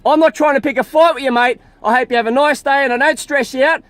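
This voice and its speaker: Irate, high-voiced Australian man arguing. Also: quick pace, a bit bright, no room sound. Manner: irate, argumentative, swears heavily. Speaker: motorist stopped by police. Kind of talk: heated roadside argument. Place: outdoors by a road.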